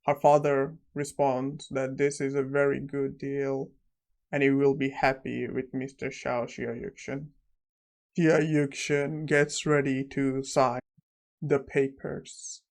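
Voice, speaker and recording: A man's voice: mid-range voice, darkish tone. A man narrating a manhwa story recap in plain retelling.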